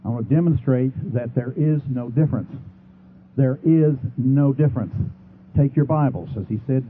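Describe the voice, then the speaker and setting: A man making a formal debate argument, reading scripture passages aloud and slowing down to stress key words. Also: mid-range voice. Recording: tinny phone-like sound with faint noise.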